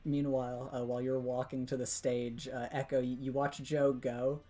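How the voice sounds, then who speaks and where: A man's voice: medium pitch, little pitch movement, normal speed, dark tone, faint music behind. A man narrating as game master of a tabletop role-playing game, chatty, with frequent fillers, restarts and laughs.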